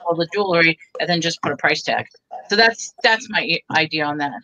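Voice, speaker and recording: A woman pitching bargains on a live stream in a chatty, bubbly way. Her voice is bright and forward, and she keeps talking up each deal as she shows the items. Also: brisk, low-quality recording. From Texas. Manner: chatty, bubbly, pushes deals. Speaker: seller on a live online auction.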